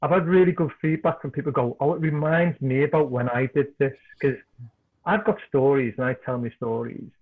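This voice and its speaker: A middle-aged man from Liverpool with a Scouse accent, a podcast guest and author telling animated anecdotes in casual chat. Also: medium pitch, a little fast. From Liverpool, England. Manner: animated anecdotes, repeats words when excited. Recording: tinny phone-like call line.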